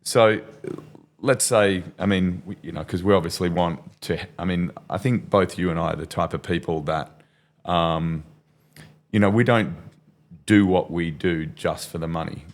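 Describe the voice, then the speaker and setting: Deep-voiced guy hosting a podcast, laid back, bit hesitant. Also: steady tone, moderate pace. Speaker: podcast host. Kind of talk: casual podcast interview talk.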